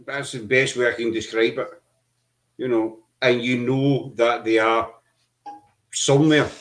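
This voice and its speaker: A middle-aged man hosting a podcast, telling his story earnestly over a video call, halting often with fillers. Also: mid-range voice, steady tone, a bit bright. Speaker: podcast host. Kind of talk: casual chat.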